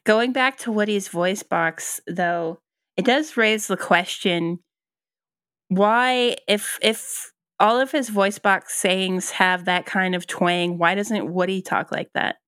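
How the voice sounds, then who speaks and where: A woman's voice: mid-range voice, slow, a bit bright, no echo, clean studio sound. A woman co-hosting a podcast, musing casually with many ums and restarts. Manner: thoughtful, hesitant, many ums and likes. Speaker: podcast co-host. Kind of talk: casual chat.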